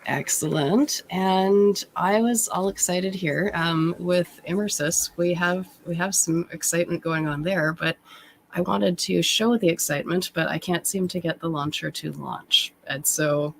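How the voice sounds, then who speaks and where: A woman hosting a casual online community show, brisk and friendly, who is losing her voice. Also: fairly low pitch, fairly even intonation, gravelly, slight background noise. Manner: friendly, brisk, introducing guests. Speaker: host.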